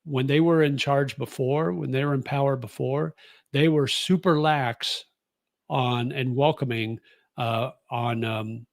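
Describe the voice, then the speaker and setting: A man's voice: mid-range voice, steady tone, measured pace, creaky, no room sound. A man in his sixties from the United States, chatting casually as a vlogger and answering viewer comments in a rambling, easygoing way. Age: 60s. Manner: rambling and easygoing, with many fillers and restarts. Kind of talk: casual chat.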